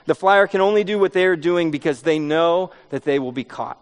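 A man's voice: a little high, a little fast. A man preaching a sermon, mixing earnest points with funny, self-deprecating stories about his kids. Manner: storytelling with self-deprecating humor. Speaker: pastor.

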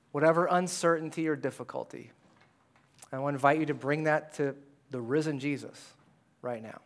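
A man with a slightly high voice delivers a sermon from a church stage. He speaks in a casual, conversational way and swings between animated bursts and hushed asides. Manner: conversational and animated, dropping to hushed tones for quoted words. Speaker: pastor. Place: church sanctuary.

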